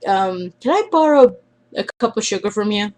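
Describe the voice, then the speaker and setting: A woman's voice: mid-range voice, animated, normal speed, darkish tone, lightly acted. A woman voicing a polite Bigfoot creature that hesitantly asks for a cup of sugar, in almost her own voice.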